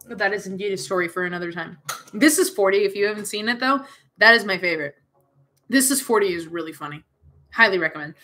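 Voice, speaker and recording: A woman's voice: mid-range voice, brisk, pauses often, bright, forceful tone. A young woman streamer reading a visual novel aloud and rambling off into giggly, self-interrupting asides.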